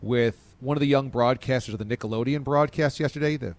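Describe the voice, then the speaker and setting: A man's voice: fast, no room sound. A man hosting a sports talk show, chatting casually and enthusiastically with his co-hosts. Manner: animated, enthusiastic, pitch swings. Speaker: show host.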